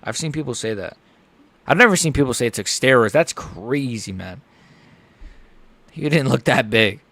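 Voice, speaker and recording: Dude streaming a live fight reaction, chatty and hyped, super dry close mic sound. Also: male voice, mid-range voice, normal speed, dry recording. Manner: chatty, excitable, lots of "like" and "bro". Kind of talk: casual live reaction commentary.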